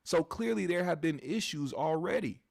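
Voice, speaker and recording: A man's voice: a little high, lively intonation, moderate pace, vocal fry, darkish tone, dry recording, clean studio sound. A man hosting a commentary show, talking bluntly and with plenty of profanity straight to his live chat audience.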